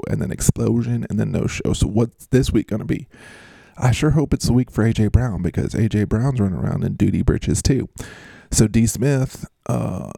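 A man's voice: on the low side, gravelly, mellow, breathy edge, no echo, studio quality. A man hosting a casual fantasy football breakdown, joking, rambling and mocking himself as he goes.

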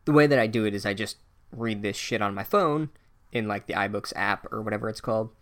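A man hosting a podcast, recapping a book in a profane, sarcastic, animated way. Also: on the low side, fairly quick. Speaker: podcast host.

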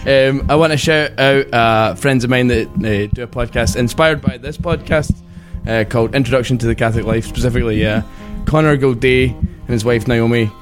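Guy, lots of ums, shoutouts, guitar going in the back. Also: mid-range voice, moderate pace. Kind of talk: casual shout-out.

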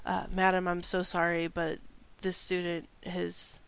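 A woman's voice: lowish voice, completely flat delivery, measured pace, gravelly, clean tone. A woman voicing an apologetic, formal male butler.

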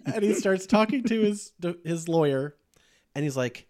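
A man's voice: a little high, expressive, normal speed, darkish tone. A man hosting a podcast, chatting casually about horror movies and laughing often as he retells scenes. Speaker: podcast host. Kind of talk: casual movie review chat.

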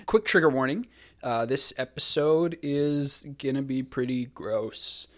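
A man hosting a podcast in a casual, conversational way, with a mid-range voice. He swears freely and stays sardonic and lively. He lays out his points like a talker who enjoys mocking what he discusses. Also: medium pitch, measured pace. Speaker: podcast host.

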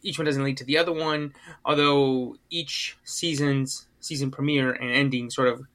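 Bright-voiced rambling male podcaster. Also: medium pitch, steady tone, moderate pace. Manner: rambling, many fillers and restarts. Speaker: podcast co-host. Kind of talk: casual chat.

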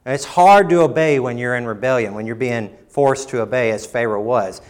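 A male pastor preaches a little fast, climbing to emphatic bursts and dropping to quiet lows. At times he acts out quoted lines with mock voices.

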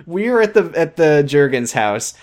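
An excitable podcast co-host rattles through a TV recap, swearing freely and laughing partway through sentences. The pitch is mid-range but swings widely, so the delivery sounds lively and incredulous. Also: normal speed. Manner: animated and profane, often laughing mid-sentence. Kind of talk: casual chat recapping a TV show.

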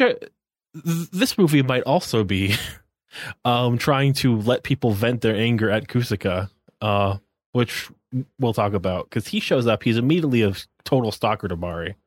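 A man's voice: medium pitch, dry recording. A man co-hosting a podcast, talking casually in a rambling, wry way with many fillers. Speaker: podcast co-host.

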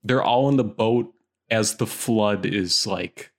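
Very low-voiced woman with dry wit. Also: takes it slowly. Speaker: podcast co-host. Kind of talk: casual chat.

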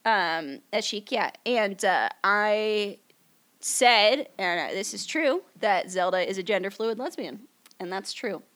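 A woman's voice: mid-range voice, expressive, slow, fairly bright tone. A woman co-hosting a podcast at a table during a livestream, chatting casually and rambling with lots of fillers. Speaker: podcast co-host. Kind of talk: casual chat.

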